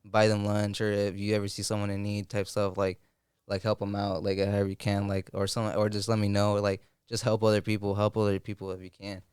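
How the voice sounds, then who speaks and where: A young man chats loosely on a podcast, circling his point with likes and slang. His voice is crisp and a bit low, close and dry on the mic. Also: monotone, a little fast, a little mellow, no room sound. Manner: rambling, full of likes and slang. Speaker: podcast host. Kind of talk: casual chat.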